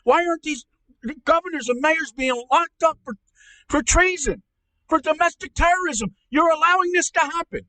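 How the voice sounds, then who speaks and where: A man doing a shrill furious uncle. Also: moderate pace, no echo. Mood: furious ranting. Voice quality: shouty, profane, stammering. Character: furious ranting middle-aged male uncle. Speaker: podcast co-host. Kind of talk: comedic rant.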